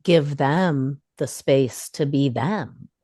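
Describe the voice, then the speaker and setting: A woman's voice: low-pitched, extremely slow, warm tone, slightly rough, no echo, studio quality. A woman co-hosting a podcast, speaking thoughtfully about herself in a casual chat.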